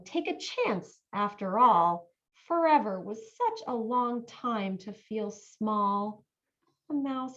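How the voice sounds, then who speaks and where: A woman reads a children's picture book aloud in an animated voice and keeps asking the young listeners what they think. Her voice is high and swoops widely as she reads slowly. The audio sounds dull and lo-fi. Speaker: volunteer reader.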